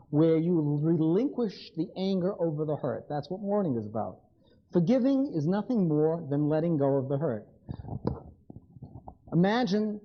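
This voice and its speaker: A man's voice: a little high, muffled recording. A man giving a live lecture, blunt and wry, speaking straight to his audience.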